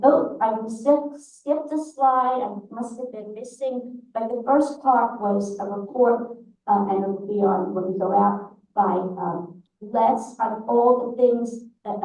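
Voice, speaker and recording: Woman, New York accent, meeting presenter; chatty, halting delivery, mellow tone, echoey distant hall sound. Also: fairly high pitch. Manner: chatty, halting, with many restarts. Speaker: presenter thanking volunteers at a congregation's annual meeting. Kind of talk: informal meeting remarks. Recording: very echoey hall, voice away from the mic.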